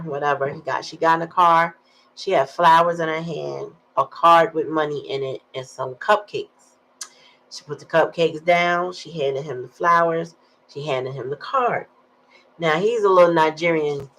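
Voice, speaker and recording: A woman's voice: sits low, a bit bright, rough recording. A woman giving a casual tarot reading, chatty and slangy, telling stories with sighs in between. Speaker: tarot reader.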